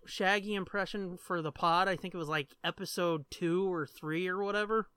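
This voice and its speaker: Bright, smooth-voiced joking podcast co-host. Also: mid-range voice, no room sound. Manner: animated, joking, swears freely, talks fast in bursts. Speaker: co-host of a movie commentary podcast. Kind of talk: casual commentary chat over a movie.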